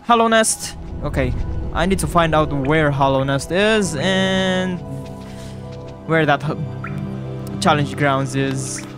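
A man's voice: on the high side, takes it slowly, pauses often. A man giving casual let's-play commentary, rambling and easily sidetracked, with self-mocking laughs. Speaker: gamer. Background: game music.

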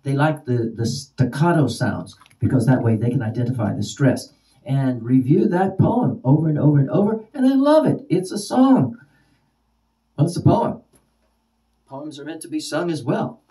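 Mellow-voiced male teacher, slightly distant. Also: a little high, animated. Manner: repeats example words slowly with varied stress. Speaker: ESL teacher. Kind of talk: spoken lesson for teachers.

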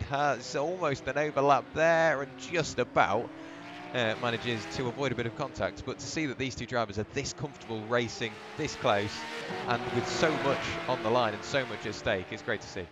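A man giving steady, conversational play-by-play for a sim racing broadcast. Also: mid-range voice, normal speed, noisy background. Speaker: lead commentator.

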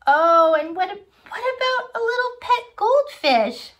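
A woman's voice: extremely high pitch, sing-song, slow, few pauses, a bit bright. A woman leading a children's Sunday school lesson, coaxing young viewers to sing along and making animal sounds. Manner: makes animal sounds and gasps of surprise.

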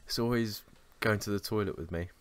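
A man's voice: on the low side, fairly quick, slight background noise. A young man, co-hosting a podcast and telling rambling, sweary, self-mocking stories in casual chat. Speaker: podcast co-host.

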